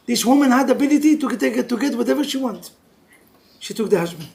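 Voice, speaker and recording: With an extremely high, creaky voice and a fast delivery, a rabbi runs a lively class for couples full of jokes. His English is non-native and peppered with Hebrew terms, and he shifts between loud outbursts and intense near-whispers.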